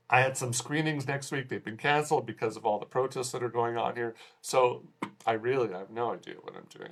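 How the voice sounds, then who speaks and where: Rambling male film critic. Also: medium pitch. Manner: rambling, frequent restarts and fillers. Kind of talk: casual spoken movie review. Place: Hong Kong.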